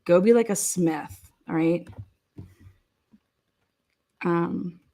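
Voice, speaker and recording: A woman's voice: on the low side, drawn-out words, dark tone. A woman telling stories in casual chat, swearing freely, laughing often and filling her talk with "like". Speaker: online commentator. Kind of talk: casual profane storytelling.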